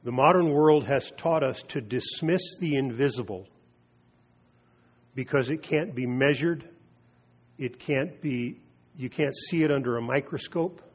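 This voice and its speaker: Guy preaching a sermon, kinda husky voice, slows way down to hit the big points. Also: medium pitch. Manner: slow, emphatic preaching with dramatic pauses. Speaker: pastor.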